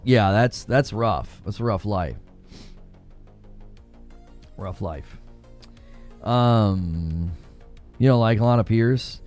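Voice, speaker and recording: A man's voice: medium pitch, darkish tone, clean tone. A man hosting a casual gaming livestream, joking around, laughing often and answering his chat. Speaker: livestream host.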